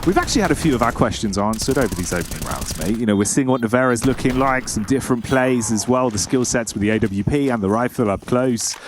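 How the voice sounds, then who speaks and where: A man's voice: mid-range voice, animated, fast talker, hardly any pauses, background noise. Laid-back male esports colour caster. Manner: laid-back, joking banter. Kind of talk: colour commentary.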